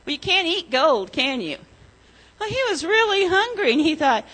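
A woman leading a children's sermon, telling a story gently and asking the children questions. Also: very high-pitched, big pitch swings, moderate pace, rough recording.

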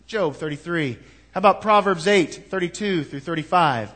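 A man preaching a sermon as pastor, reading scripture aloud and pressing the congregation with rhetorical questions, moving between quiet asides and rising, emphatic lines. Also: high voice, moderate pace.

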